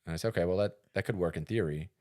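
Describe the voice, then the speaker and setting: A man's voice: low voice, racing, a little mellow. A man co-hosting a podcast, talking casually and telling a story with lots of fillers and restarts. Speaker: podcast co-host.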